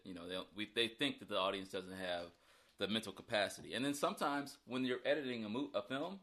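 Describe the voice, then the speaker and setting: A man's voice: fairly low pitch, lively intonation, fairly quick, fairly bright tone. A man who is an actor, chatting casually and jokingly about a film role in an interview. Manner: rambling, joking, self-deprecating. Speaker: actor guest.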